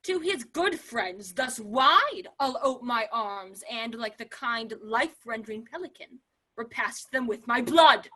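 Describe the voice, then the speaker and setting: A woman's voice: a little high, animated, unhurried, husky, heavily acted, rough recording. Laertes, a woman playing an enraged young man. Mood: vengeful. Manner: fierce, swinging from shouts to hushed vows. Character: Laertes, furious young man seeking revenge. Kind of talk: amateur remote play reading.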